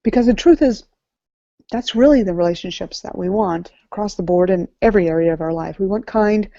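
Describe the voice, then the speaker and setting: A woman life coach delivers a motivational talk at an event with a mellow, warm tone. She is earnest and repeats key lines for weight. The sound is dry and a little muffled. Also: mid-range voice, fairly quick, creaky, no room sound. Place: event venue before an audience. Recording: slightly muffled, dry recording.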